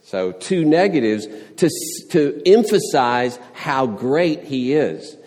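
A man's voice: mid-range voice, lively intonation, slow pace, darkish tone, big-room sound. A man preaching a sermon, earnest, pressing his points with rising questions and everyday illustrations. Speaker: pastor.

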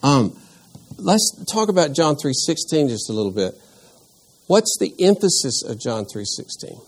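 A man teaching a Sunday school class in church, reading scripture aloud and then explaining it and asking the group questions, with frequent pauses and restarts. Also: a little high, very animated, slightly rough.

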